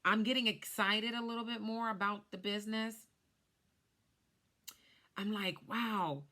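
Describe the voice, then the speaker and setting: A woman in her thirties, a life insurance agent, telling her story to camera in an animated way while glancing at cue cards. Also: mid-range voice, unhurried. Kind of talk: casual talk to camera.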